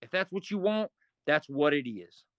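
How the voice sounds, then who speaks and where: Middle-aged male interview guest, casual and profane, lively storytelling, a touch high-pitched, dry recording. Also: normal speed, no room sound, highs cut off. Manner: profane, animated, acts out quoted arguments.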